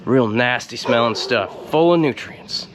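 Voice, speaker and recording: A man's voice: mid-range voice, a little slow. Folksy man, noisy outdoor yard. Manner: folksy, drawling, deadpan innuendo. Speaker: gardening show host. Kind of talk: comedic gardening tutorial.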